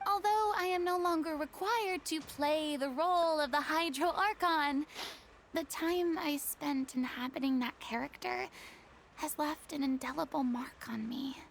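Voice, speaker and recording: A woman's voice: sits high, gravelly, a little hiss or hum. A woman voicing a proud, theatrical young female former goddess in a video game, speaking in a haughty, dramatic manner. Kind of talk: game dialogue.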